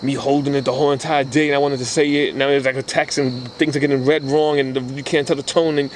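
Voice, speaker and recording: Animated man telling stories on a podcast. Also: mid-range voice, fast talker, slight background noise, rough recording. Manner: animated storyteller acting out quoted voices. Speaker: podcast co-host. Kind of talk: casual chat.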